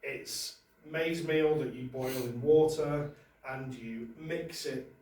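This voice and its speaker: A man's voice: medium pitch, takes it slowly, a little mellow, recorded from a distance, a little hiss or hum. A male stand-up comedian, telling a conversational, self-deprecating set with many stammered restarts. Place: comedy venue with audience. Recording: very echoey room, voice from afar.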